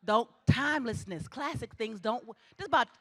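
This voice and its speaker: Middle-aged woman, commencement speaker, high and bright, preacher's cadence, hammers her points by repeating them. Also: animated, fairly quick. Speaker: graduation ceremony speaker. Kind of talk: spirited commencement address. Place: theatre stage.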